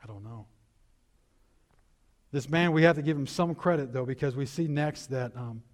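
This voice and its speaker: A man preaching a sermon as pastor, animated and emphatic with conversational, reflective asides. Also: mid-range voice, moderate pace.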